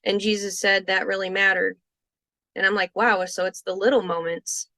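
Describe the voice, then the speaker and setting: A woman's voice: medium pitch, level tone, pushed and bright, no echo. A young adult woman earnestly recounting a near-death experience as a podcast guest, often restarting sentences and quoting her own thoughts. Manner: earnest, halting with restarts and quoted inner thoughts. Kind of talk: personal storytelling interview.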